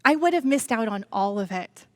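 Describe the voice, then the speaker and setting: Middle-aged woman preacher, animated sermon storyteller, slightly high voice, dry close mic. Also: moderate pace, no echo. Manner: animated storytelling, addresses congregation as y'all. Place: church.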